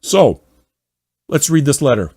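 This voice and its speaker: A man's voice: a little high, big pitch swings, a little slow, husky, no echo, studio quality. Profane ranting male podcast host. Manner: swearing often, mocking, swings between loud outbursts and muttering. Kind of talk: casual profane rant.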